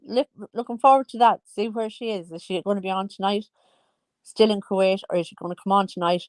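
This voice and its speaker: A woman's voice: mid-range voice, a little fast, dry recording. A woman in her forties giving casual, teasing gossip commentary as a vlogger. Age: 40s. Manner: chatty, teasing, sing-song asides.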